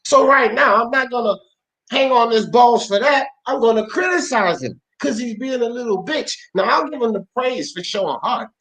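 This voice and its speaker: A man's voice: extremely high pitch, lively intonation, moderate pace, fairly bright tone, poor audio. A man hosting a sports talk show, arguing bluntly with lots of swearing and street slang. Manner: blunt, profane, argumentative. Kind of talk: heated sports debate. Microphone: podcast mic.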